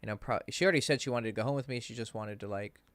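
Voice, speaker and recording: A man's voice: lowish voice, racing, no echo. A man coaching on dating, telling a story in a casual, profane livestream Q&A and acting out the people he quotes. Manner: casual, profane, animated when quoting others.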